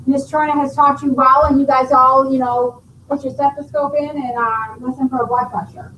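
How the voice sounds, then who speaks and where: Recorded from a distance in an echoing classroom with faint noise, this woman teaches nursing, explaining concepts and testing her students. Her high voice keeps a steady, fairly bright tone at a moderate pace.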